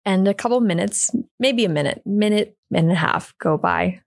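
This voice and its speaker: A woman's voice: medium pitch, moderate pace, gravelly, dry recording. A middle-aged woman, a podcast guest, telling a personal story in casual conversation and acting out the people she quotes. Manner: lively storyteller, acts out quoted voices. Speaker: podcast guest, yoga teacher and therapist.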